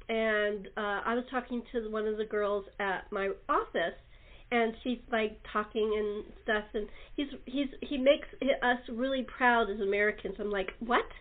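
A woman hosting a chat show, telling stories in a lively way and laughing often, heard over a phone-line recording. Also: a little high. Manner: laughing, animated storyteller. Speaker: talk show host. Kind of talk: casual chat.

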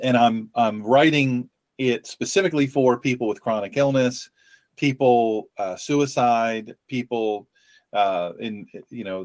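A man hosting a faith-based podcast, talking earnestly with frequent restarts and pauses. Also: lowish voice, no echo. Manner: earnest, halting with many restarts. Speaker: podcast host.

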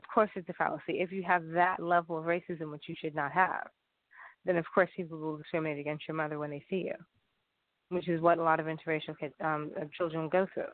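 A man delivers a loose, rambling monologue, circling back and restarting his sentences. His voice sits a bit high. The sound is dry and tinny, like it came through a phone. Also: flat delivery, fast talker, no echo. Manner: rambling, repeats and restarts often. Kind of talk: casual monologue.

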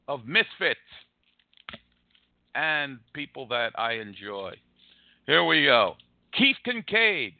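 A man hosting a live card-pack break, rattling off names with excited, wisecracking commentary. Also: a little high, no room sound, narrow, tinny audio. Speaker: host opening card packs. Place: room across from an arena.

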